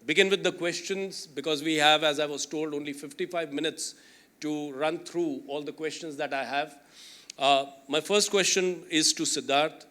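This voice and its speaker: A man moderating a conference panel, talking in a chatty, self-deprecating way with plenty of "you know". His voice sits a little high for a man, and his tone is bright and forceful. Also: steady tone, moderate pace.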